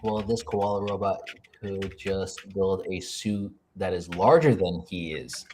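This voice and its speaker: Man, co-host, live-stream banter, playful, quick to cut in. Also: deep voice, darkish tone, slight background noise. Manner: playful, quick to jump in with ideas. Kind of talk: casual live-stream chat.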